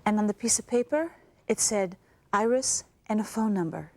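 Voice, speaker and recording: A young woman acting in a dramatic stage monologue as a woman in an abusive relationship, speaking in a slow, halting, reflective way. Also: mid-range voice, a little mellow, no room sound, natural voice. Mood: somber. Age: young adult.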